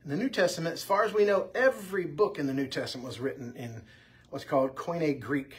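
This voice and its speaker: Husky man, Bible class teacher, chatty anecdotal delivery. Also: a little high, a little fast. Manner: conversational, anecdotal, lively delivery. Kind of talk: informal church class teaching. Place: church classroom.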